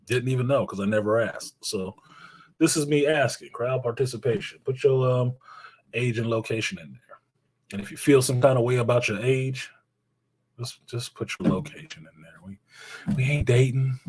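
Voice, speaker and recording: A man's voice: medium pitch, moderate pace, a little mellow, husky, low-quality recording. A man hosting a live stream, chatting loosely with viewers, joking, swearing and reading out their messages. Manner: swears freely, slangy. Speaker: livestream host.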